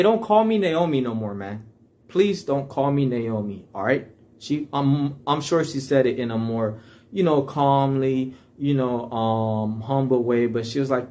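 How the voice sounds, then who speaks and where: A man with a somewhat high voice leads a casual Bible study. He reads scripture with a lifted, declaiming tone, then drops into easygoing slang to explain it. He keeps checking in with listeners by asking "all right?". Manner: reads scripture aloud in a raised voice, then paraphrases it in relaxed slang. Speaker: Bible teacher.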